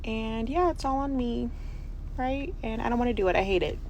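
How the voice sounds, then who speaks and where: Gravelly frustrated woman venting in a car. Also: on the high side, normal speed, a little mellow, slight background noise, rough recording. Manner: frustrated, swearing, emphatic. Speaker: single mother of three. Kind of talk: venting selfie video. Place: parked car.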